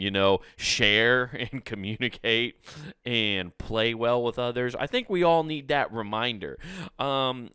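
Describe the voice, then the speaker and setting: A man's voice: medium pitch, pushed and bright, clean tone, dry recording, clean studio sound. A man hosting a solo podcast, talking in a rambling, jokey way, laughing often and swearing now and then. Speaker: podcast host. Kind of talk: casual solo podcast chat.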